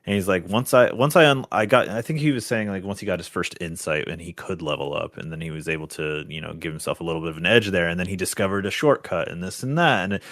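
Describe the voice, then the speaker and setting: A man co-hosting a casual video game podcast, telling a story with lively quoted voices. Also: sits low, fast, few pauses, no room sound, studio quality. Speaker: podcast co-host. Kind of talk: casual chat.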